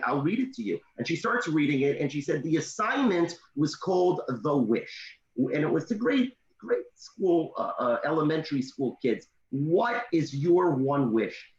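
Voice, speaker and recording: A man and motivational speaker giving parenting advice in an animated storytelling way on a video call. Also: a little high, roomy sound, lo-fi sound. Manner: animated, with emphatic pauses and tips.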